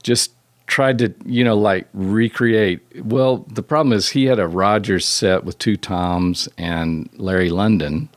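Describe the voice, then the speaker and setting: A man's voice: fairly low pitch, a little slow, dry recording. A man in his sixties, a record producer as a guest, telling rambling, self-deprecating stories with many restarts. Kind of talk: storytelling interview.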